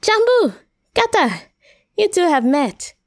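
A woman's voice: medium pitch, big pitch swings, slow, no echo, studio quality. A woman reading a short story, voicing a cheery, meddling party hostess. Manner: bright, chirpy greeting.

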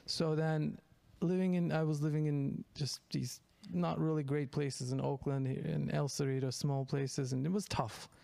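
Rambling Turkish-accented comedian, gravelly and high. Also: male voice, level tone, moderate pace, hardly any pauses, mellow, no echo. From Turkey. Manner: rambling, laughs often, many restarts. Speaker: stand-up comedian guest. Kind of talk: casual storytelling interview.

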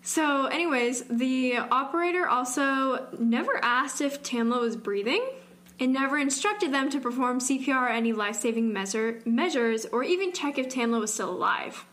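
A young woman with a slight Southern twang and a somewhat high voice co-hosts a casual true-crime chat. She talks loosely, peppering her sentences with "like" and trailing off into restarts. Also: animated, normal speed, a bit bright. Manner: chatty, heavy use of "like", trailing restarts. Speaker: podcast co-host.

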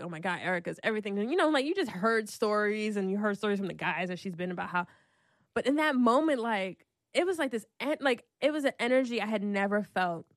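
A woman's voice: mid-range voice, no room sound, studio quality. A young adult woman telling a personal story in casual chat, acting out what everyone said and saying "like" a lot. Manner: animated, acts out quotes, lots of "like".

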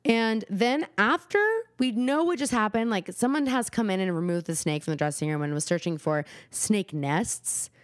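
A young woman talks through a TV episode on her podcast, lively and loose, slipping into the characters' voices and cursing as she goes. Her voice sits in a middle register, recorded close and dry with no room sound. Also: mid-range voice, moderate pace, hardly any pauses, no echo. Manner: animated, acts out characters' lines, swears freely. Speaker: podcast co-host. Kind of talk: casual chat recapping a TV episode.

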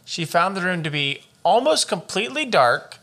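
Bright-voiced man reading a true-crime case. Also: high voice, sing-song, moderate pace. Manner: profane and joking, wanders off into riffs. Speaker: podcast co-host.

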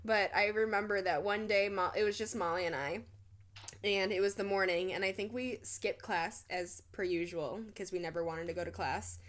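A woman's voice: mid-range voice, fairly even intonation, normal speed, a bit bright. A young woman co-hosting a podcast, telling college stories bluntly with a lot of swearing and laughter. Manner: blunt and profane, laughing as she talks. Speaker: podcast co-host. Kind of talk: casual storytelling chat.

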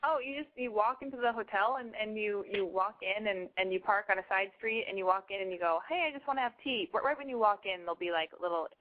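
A woman's voice: mid-range voice, fast, few pauses. A woman hosting a call-in show, chatting casually in a blunt, joking, rambling way. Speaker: host taking calls. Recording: phone-like lo-fi sound.

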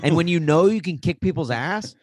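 A man's voice: a little high, animated, a little fast, no room sound. Rambling young man co-hosting a podcast. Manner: rambling, self-deprecating, jokey. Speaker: podcast co-host. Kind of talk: casual sports chat.

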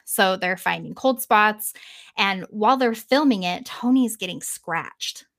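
A woman podcast host casually retelling a story in an animated way, swearing freely and trailing off now and then. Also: medium pitch, measured pace.

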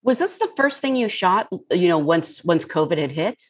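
A woman's voice: fairly low pitch, big pitch swings, normal speed, husky, dry recording, studio quality. A woman interviewer asking curious, conversational questions.

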